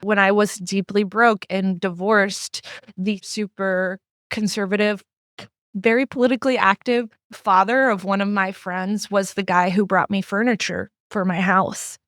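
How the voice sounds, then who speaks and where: Not from the Midwest, this middle-aged woman appears as a guest writer in a casual podcast conversation, candidly storytelling and acting out what others told her. Her voice is medium-pitched, a bit bright and fairly even in intonation, her delivery unhurried, on a dry, studio-quality recording.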